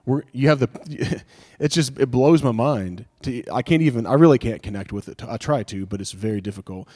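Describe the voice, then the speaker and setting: A man's voice: medium pitch, lively intonation, moderate pace, a little mellow. Earnest, conversational male preacher. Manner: earnest, conversational preaching with restarts and rhetorical questions. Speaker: pastor. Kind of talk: sermon.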